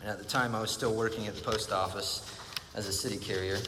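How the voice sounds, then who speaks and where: A man's voice: fairly low pitch, steady tone, fast talker. Earnest preaching man in a reverberant space. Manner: earnest, reflective, repeats phrases for emphasis. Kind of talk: sermon. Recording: long reverb, faint background noise.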